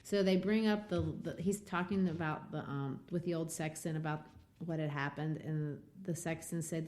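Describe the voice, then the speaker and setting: A woman's voice: deep voice, steady tone, normal speed, a little mellow. A woman hosting a literature podcast, retelling a classic novel with enthusiasm. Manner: enthusiastic, retelling scenes with quotes. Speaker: podcast host and literature teacher.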